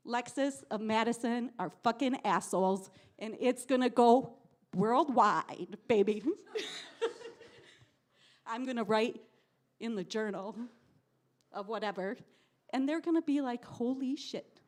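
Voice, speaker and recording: A woman's voice: on the high side, takes it slowly, pauses often, a little mellow. A woman telling a story at an open mic in a cafe, ranting in an exasperated way and swearing often. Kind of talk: spoken word storytelling. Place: live cafe event.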